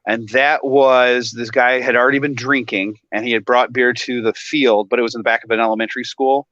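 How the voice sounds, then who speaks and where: A man on a casual talk show, animated and laughing often as he tells a story. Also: medium pitch, a little fast, dry recording, dull audio. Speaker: guest.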